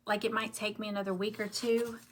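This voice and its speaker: A middle-aged woman with a Southern US accent hosts a craft livestream, rambling casually as she works and greeting viewers by name. Her medium-pitched voice is level and fairly quick, with slight background noise.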